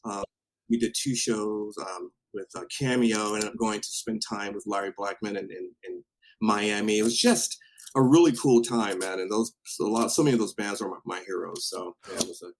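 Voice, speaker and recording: A man from Washington State, a podcast guest, telling an animated story in a casual way with laughs and swearing. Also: lowish voice, moderate pace, rough recording. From Washington State, USA.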